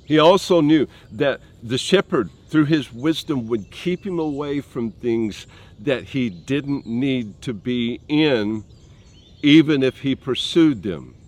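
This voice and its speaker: A man preaching a sermon in a slow, earnest way, dropping soft and low and then rising for emphasis. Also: lively intonation.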